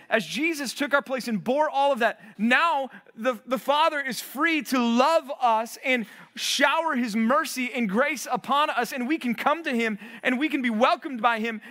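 A man, a pastor, preaching a sermon in an earnest way, his voice swelling and then dropping low for emphasis, often repeating words as he builds. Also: sharp tone. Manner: repeats and restarts words while building intensity.

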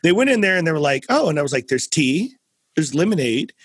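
A man hosting a casual conversational interview, an animated storyteller who acts out quotes with big swings in his voice. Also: fairly high pitch, fairly quick, husky, no echo, studio quality. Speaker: podcast host.

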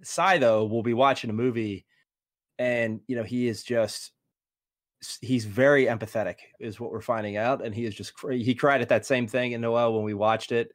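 A man's voice: mid-range voice, fairly even intonation, moderate pace, no echo. A man in his thirties co-hosting a podcast, telling stories in a dry, laid-back way. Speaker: podcast co-host. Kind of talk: casual chat.

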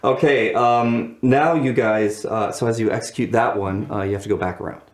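A woman's voice: rumbling low, fairly even intonation, normal speed, reverberant, slight background noise. A woman narrating a tabletop game as game master, playful and often laughing.

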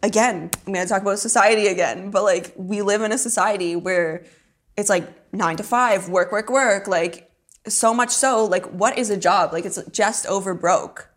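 A young woman with a medium-pitched voice chats casually at a normal speed, laughing often, saying "like" constantly and swearing offhandedly.

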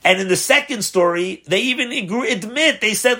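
A rabbi teaching a class on a religious text, posing questions and answering them in a conversational, animated way. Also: male voice, high voice, moderate pace. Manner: asks rhetorical questions, animated emphasis. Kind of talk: Torah class explaining a text.

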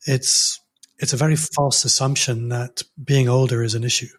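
A man's voice: mid-range voice, steady tone, normal speed, fairly bright tone. A middle-aged man hosting an interview podcast, thoughtful and searching for the right words. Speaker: podcast host. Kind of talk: interview conversation.

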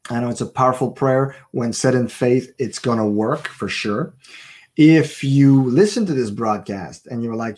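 A man's voice: medium pitch, unhurried, a little mellow. A man co-hosting a Christian broadcast, talking informally and hesitantly, often restarting his sentences. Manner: hesitant, many fillers and restarts. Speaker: co-host. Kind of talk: casual chat on a Christian broadcast.

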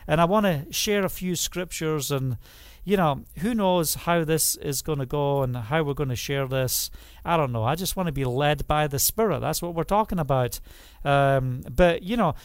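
A middle-aged man from the UK preaches a livestreamed sermon in a loose, conversational way, dotting his talk with "you know" and "hallelujah". His voice sits a little higher than most men's. The sound is dry, with no room echo. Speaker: minister.

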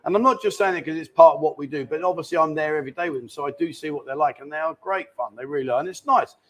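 Chatty male host, slightly high voice. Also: very fast. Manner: chatty and jokey, reads out viewer questions. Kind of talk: casual live-stream chat. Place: indoor bar.

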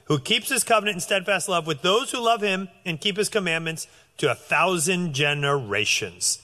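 A high-pitched pastor delivers a sermon at normal speed, conversational and animated, often restarting his phrases. The recording has a big-room sound.

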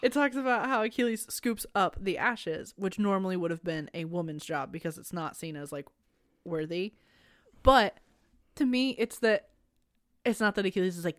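An animated young woman talking through a book with a friend in relaxed podcast chat. She leans hard on her words and breaks into laughs now and then. The sound is close and dry, with no room around it. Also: mid-range voice, dry recording. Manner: animated, emphatic, quick to laugh. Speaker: podcast co-host.

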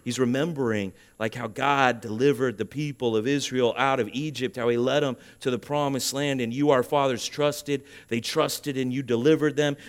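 A man preaching a sermon, his voice swelling loud and high at emphatic points and then dropping to a quiet, urging tone. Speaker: pastor.

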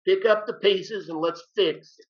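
A man's voice: high-pitched, moderate pace. An older man, a retired teacher, telling a story in a folksy, plain-spoken way and acting out both sides of each exchange. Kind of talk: casual storytelling. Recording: dull lo-fi recording.

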